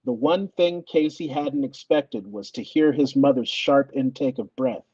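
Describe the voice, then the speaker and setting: A man reading his ghost story aloud to an audience, in an expressive, lively way. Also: medium pitch, unhurried, hardly any pauses, breathy edge, dry recording, highs cut off.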